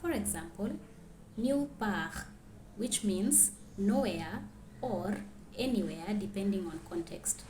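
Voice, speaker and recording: A woman teaching a grammar lesson, clearly reading out French example sentences and then translating them. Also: medium pitch, animated, takes it slowly, dark tone, reverberant, slight background noise.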